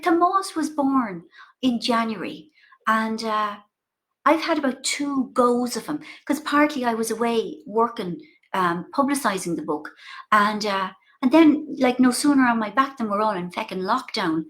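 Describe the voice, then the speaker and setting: A middle-aged Irish woman talks over a video call with a lively, animated delivery. Her voice sits a little high and swoops a lot. She keeps things casual and full of playful asides. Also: normal speed. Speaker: author guest.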